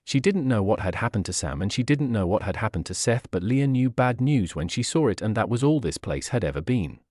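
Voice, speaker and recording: A man narrating fan fiction as an audiobook in a steady, even reading. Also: lowish voice, fairly quick, no room sound, clean studio sound.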